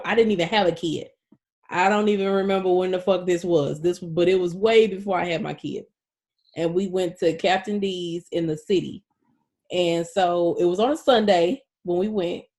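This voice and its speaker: A young adult woman co-hosting a casual podcast chat, telling stories with lots of swearing and lively exclaiming. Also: fairly low pitch. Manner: profane, animated storytelling. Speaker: podcast co-host.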